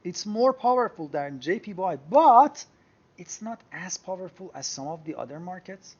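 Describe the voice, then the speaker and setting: Lively high-voiced man explaining charts. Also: normal speed, muffled recording. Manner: explanatory, thinking aloud while clicking through charts. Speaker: trading software instructor. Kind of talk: screen-share tutorial.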